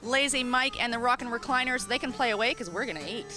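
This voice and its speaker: A young woman hosting a local TV show, chatting and joking with a guest. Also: on the high side. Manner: chatty, joking, quick interjections. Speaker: host. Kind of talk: casual TV chat.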